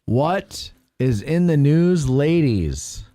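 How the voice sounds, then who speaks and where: A man's voice: fairly high pitch, extremely slow, no room sound, clean studio sound. A man hosting a casual podcast, reading local news aloud with playful asides and jokes. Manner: jokey, animated, reads aloud with playful asides. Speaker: podcast host.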